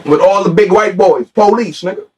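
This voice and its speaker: A man from Queens, New York, tells street stories as an interview guest. His slangy, defiant delivery sits slightly high in pitch. He is picked up from a distance. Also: normal speed, darkish tone. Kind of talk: candid heated interview.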